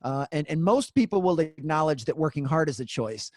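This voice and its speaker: A man with a slightly raised pitch, speaking as a guest on an interview podcast. He explains his points earnestly and steadily, dropping in filler words. His voice is recorded dry and close. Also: lively intonation, a little fast, a little mellow, dry recording. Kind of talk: conversational interview.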